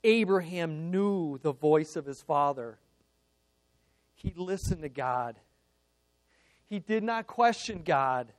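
A man delivers a sermon in a notably high voice at a slow, deliberate pace. His storytelling is earnest, swinging from emphatic peaks to quiet confessional passages. The sound is dry and close, with no room echo. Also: animated. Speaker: preacher.

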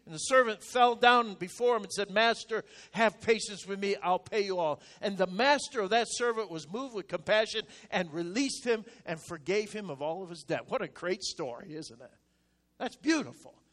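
High-voiced male preacher, emphatic. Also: animated, moderate pace. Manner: emphatic, swings from loud declarations to soft, low asides. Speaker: pastor. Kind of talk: sermon.

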